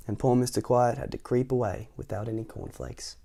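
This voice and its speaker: A man reading a picture book aloud in a playful, animated way, often asking the listener questions. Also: lowish voice, brisk, few pauses. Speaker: storytime reader.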